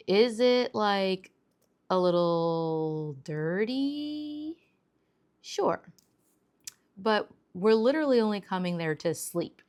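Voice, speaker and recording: A woman's voice: medium pitch, expressive, takes it slowly, long pauses, darkish tone. A young adult woman vlogger telling a travel story in a casual, rambling way, full of fillers and "like". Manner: chatty, rambling, many fillers and "like". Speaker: planner vlogger.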